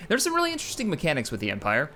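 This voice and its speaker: A man hosting casual gameplay commentary, excitable and rambling, often correcting himself mid-sentence. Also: on the high side, very fast. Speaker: gaming channel host.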